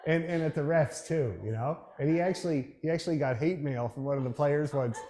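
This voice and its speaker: A middle-aged man leading a fiddle rehearsal and telling a story in a chatty, dryly humorous way, breaking into loud imitations of the people he quotes. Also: fairly high pitch, a little fast, slight background noise. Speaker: orchestra leader.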